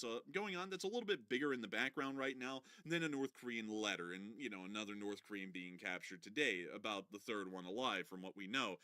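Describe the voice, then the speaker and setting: A man talks through current events in a casual, rambling way, with jokey asides and plenty of filler words. His voice is bright and forward, at a middling pitch. It is recorded dry and close, with no room echo. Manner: joking asides, then rambling analysis with fillers. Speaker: online war commentator. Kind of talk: casual video commentary.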